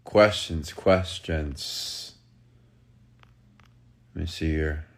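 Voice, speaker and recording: A man's voice: rumbling low, drawn-out words, gravelly. A middle-aged man giving a playful late-night motivational rant as a speaker, now and then mimicking people for effect.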